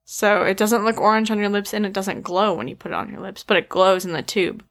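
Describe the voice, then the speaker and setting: A woman co-hosting a casual podcast, chatty and quick to laugh as she reads out listener shout-outs. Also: medium pitch, creaky. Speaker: podcast co-host.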